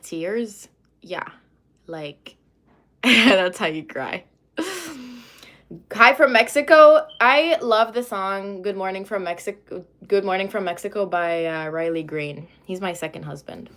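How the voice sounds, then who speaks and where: A woman's voice: mid-range voice, fairly bright tone. A young woman from Lebanon chatting on a livestream, rambling and losing her train of thought as she reads comments aloud. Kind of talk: casual livestream chat, reading comments.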